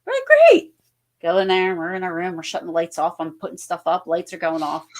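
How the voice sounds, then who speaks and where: Chatty rambling woman, low voice. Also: level tone, quick pace. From New Jersey, USA. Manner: rambling, full of fillers and restarts. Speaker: guest paranormal investigator. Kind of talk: casual storytelling on a podcast.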